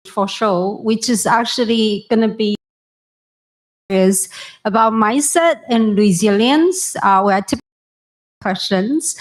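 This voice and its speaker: A woman's voice: fairly high pitch, low-quality recording. A woman interviewing a guest onstage, asking questions in a casual, slightly unpolished way.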